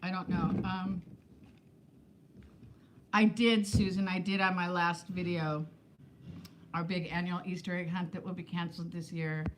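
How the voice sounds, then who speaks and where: A woman in her fifties hosts a live stream from indoors at home, chatting casually, reading the live chat, and laughing often as she answers viewer comments. Her voice is lowish with little pitch movement, at a measured pace with frequent pauses, and there's a little hiss or hum.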